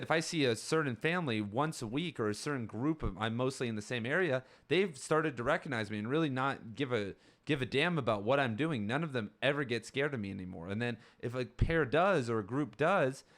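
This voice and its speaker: A man hosting a podcast, talking casually and rambling about a book chapter in a relaxed way. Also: medium pitch, fairly quick. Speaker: podcast host.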